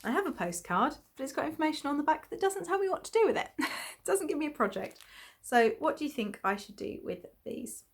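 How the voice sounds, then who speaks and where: Woman, podcast host, casual rambling chat, slightly high voice, frequent little laughs. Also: big pitch swings, a little fast. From England (Essex). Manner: chatty, rambling with many ums and little laughs.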